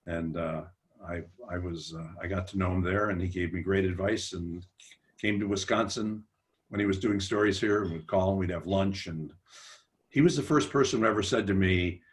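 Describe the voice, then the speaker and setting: A man's voice: low voice, normal speed. An older man on a book festival panel, telling rambling, self-deprecating stories about his career, with restarts and quoted remarks. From United States. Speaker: panelist, humor writer. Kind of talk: relaxed anecdotal storytelling.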